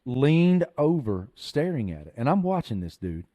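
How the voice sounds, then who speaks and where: A man hosting a podcast, telling a story in an earnest, animated way. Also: medium pitch, normal speed. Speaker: podcast host. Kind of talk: storytelling chat.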